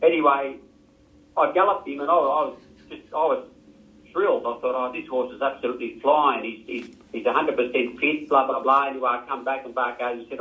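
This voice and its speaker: A man's voice: mid-range voice, steady tone, fairly quick. An older Australian man, a retired jockey, telling rambling stories and acting out what others said. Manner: rambling, repeats himself, acts out quotes. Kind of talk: casual storytelling. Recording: echoey, tinny phone-like sound.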